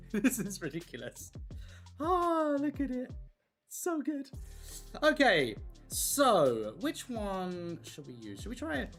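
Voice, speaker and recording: A livestream host and content creator chatting casually with viewers while colouring, excitable and gushing. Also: mid-range voice. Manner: excitable and gushing, talking to chat.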